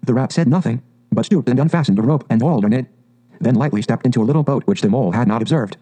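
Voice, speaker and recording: A man reading a storybook aloud in a calm, measured, expressive way. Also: mid-range voice. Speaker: audiobook narrator. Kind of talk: scripted storybook narration.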